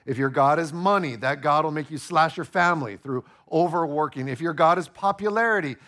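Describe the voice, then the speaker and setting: A male pastor preaching a sermon, playful and animated, acting out the voices of the people in the story. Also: on the high side, fairly quick.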